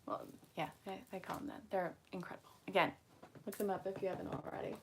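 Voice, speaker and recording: A woman's voice: on the low side, steady tone, fast, creaky, heavy background noise. Chatty woman with a Vermont-New York accent. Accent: Vermont accent blended with New York. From Vermont, USA. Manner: chatty, rambling, talks to viewers between cards. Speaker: angel card reader, host. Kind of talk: casual live card reading chat.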